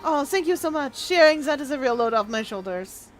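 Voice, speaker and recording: A woman's voice: high voice, lively intonation, a little fast, faint music behind. A woman voicing a fussy, chatty, lonely male cook. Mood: pleading.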